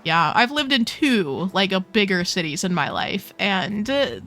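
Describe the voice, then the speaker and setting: A young woman with a medium-pitched, fairly bright voice full of big pitch swings speaks at a measured pace. She hosts a casual video game tour of game islands, gushing and playful, her gameplay commentary packed with slang.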